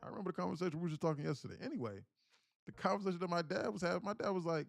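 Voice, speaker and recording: A man hosts a live day-trading stream, chatting casually and telling stories as an animated storyteller who acts out the voices of people he quotes. His voice is high-pitched and rapid-fire with vocal fry and no echo.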